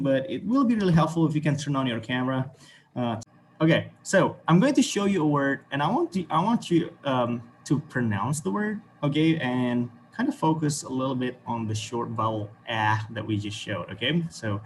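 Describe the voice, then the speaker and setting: A man's voice: on the high side, sing-song, moderate pace. Man, Indonesian accent, English teacher, encouraging and repetitive, video call, faint hiss behind. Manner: encouraging, repeats words, frequent okay and right. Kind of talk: online class teaching.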